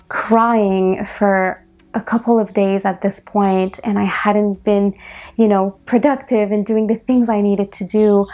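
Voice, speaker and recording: A woman hosting a personal solo podcast, speaking softly and reflectively, close to tears at times. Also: mid-range voice. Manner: soft, reflective, slow and heartfelt. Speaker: podcast host.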